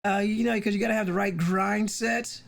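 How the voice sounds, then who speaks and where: A woman's voice: medium pitch, fairly even intonation, moderate pace, vocal fry. A woman streaming a video game, chatting casually with wry, self-interrupting asides. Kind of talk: casual live-stream commentary.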